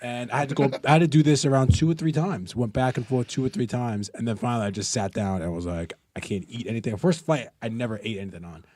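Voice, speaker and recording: A young man co-hosting a podcast, telling stories in casual chat, animated and swearing freely. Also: medium pitch, fast talker, few pauses. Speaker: podcast co-host.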